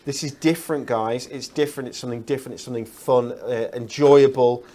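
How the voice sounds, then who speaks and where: A man's voice: mid-range voice, fairly even intonation, brisk, warm tone. A man presenting craft products on a shopping channel, chatty and upbeat with lots of fillers. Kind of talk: enthusiastic product demonstration.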